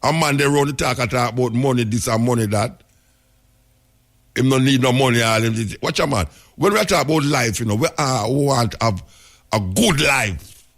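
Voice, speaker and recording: A man's voice: medium pitch, normal speed, a bit bright. A man with a Jamaican accent, hosting a talk radio show and telling stories in patois. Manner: storytelling in Jamaican patois, emphatic. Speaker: radio host.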